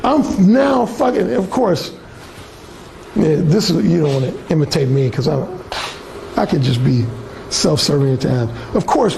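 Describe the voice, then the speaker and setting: A man's voice: on the high side, vocal fry, warm tone, slight background noise. A man coaching a class on dating through bold, profane, swaggering stories. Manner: bold, blunt, swaggering, lots of cursing. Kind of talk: profane storytelling lecture.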